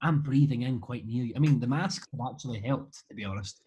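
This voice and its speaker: A man's voice: medium pitch, fairly quick, very noisy. A man with a Scottish accent, answering fan questions over a video call in a rambling, jokey, self-deprecating way. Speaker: interview guest. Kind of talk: rambling casual chat. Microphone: video call webcam.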